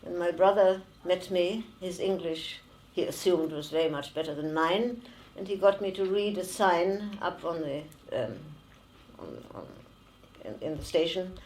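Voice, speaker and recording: A woman in her nineties with a German accent, giving oral history testimony slowly and haltingly, with many pauses and fillers. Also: low-pitched, a little mellow, a little hiss or hum, rough recording. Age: 90s. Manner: slow and halting, with frequent fillers. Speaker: interviewee, former refugee.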